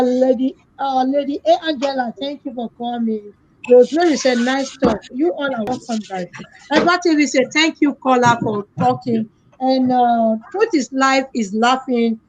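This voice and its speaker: A woman's voice: sits high, moderate pace. A woman hosting a casual live-stream chat, thanking callers and reading out viewer comments. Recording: dull lo-fi stream audio with faint noise.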